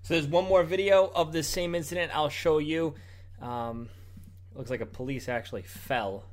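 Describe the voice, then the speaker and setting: A man hosts opinion commentary over video clips and argues point by point in a combative tone. He turns sarcastic and mocks his opponents, and his voice sits a little high. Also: normal speed. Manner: argumentative, sarcastic, mocking mimicry of opponents. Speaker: political commentary host.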